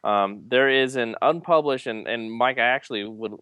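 A man co-hosting a podcast in casual chat, talking haltingly with frequent restarts. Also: medium pitch, a bit bright, clear, resonant tone, no room sound, muffled recording. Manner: halting, many restarts and fillers. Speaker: podcast co-host.

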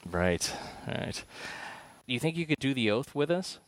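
A man hosting a podcast, chatting casually and getting excited. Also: mid-range voice, normal speed, no echo. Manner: excitable, enthusiastic. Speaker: podcast host. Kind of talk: casual chat.

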